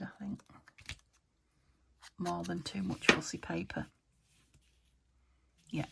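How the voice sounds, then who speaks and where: A British woman hosting a crafting vlog from an upstairs room at home, rambling and talking to herself as she works, often trailing into soft murmurs. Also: fairly low pitch, steady tone, slow, creaky, whispered. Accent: British English. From United Kingdom. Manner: rambling, talks to herself while working, drops into soft murmurs. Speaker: crafting channel host. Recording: home recording with noticeable background noise.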